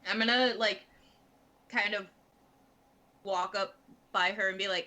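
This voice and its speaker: A woman's voice: mid-range voice, steady tone, measured pace, bright, forceful tone. A woman playing a tabletop game, chatting in a tentative, laid-back way. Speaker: player. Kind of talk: casual chat.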